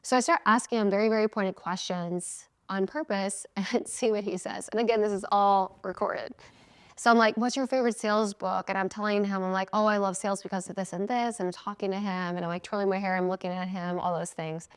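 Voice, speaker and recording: A woman's voice: medium pitch, steady tone, brisk, clear, resonant tone. A woman in her thirties hosting a podcast, telling a personal story in a casual, chatty way. She often acts out her own past lines and laughs mid-sentence. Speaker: podcast host.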